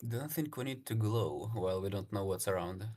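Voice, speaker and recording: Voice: sits low, normal speed, a little mellow. A tabletop game player speaking in a cautious, practical way. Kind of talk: casual tabletop play.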